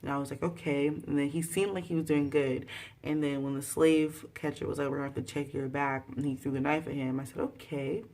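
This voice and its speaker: A woman recapping a TV episode in a casual, slangy way, talking straight to her viewers and breaking into loud exclaiming at times. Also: low-pitched, flat delivery, brisk. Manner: chatty, slangy, addresses viewers directly. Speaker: TV episode reviewer.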